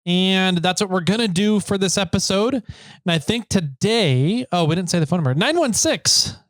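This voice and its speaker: Male podcast co-host, casual and joking, slightly high voice, dry studio sound. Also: expressive, moderate pace, a bit bright, no echo. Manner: joking, chatty.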